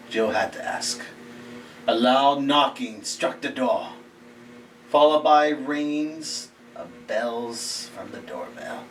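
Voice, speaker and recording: A man reading a scary short story aloud in a slow, halting way, often dropping to a hushed near-whisper. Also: medium pitch. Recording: distant mic with faint background hiss.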